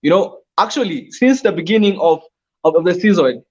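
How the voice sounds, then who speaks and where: A man talking as a fantasy football pundit, excitable and often repeating words as he argues his point. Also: high-pitched, brisk, husky, highs cut off. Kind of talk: casual panel chat.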